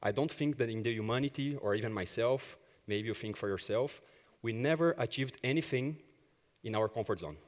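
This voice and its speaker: A man's voice: medium pitch, brisk. Man, agile coach, conference talk, acts out dialogue, long hall reverb. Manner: animated storyteller who acts out dialogue. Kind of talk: conference talk with personal anecdotes.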